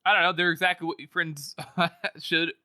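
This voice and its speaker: Bright, higher-voiced man chatting. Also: flat delivery, moderate pace, no room sound, studio quality. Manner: reflective, hedging, laughs often. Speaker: podcast co-host. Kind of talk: casual book-discussion chat.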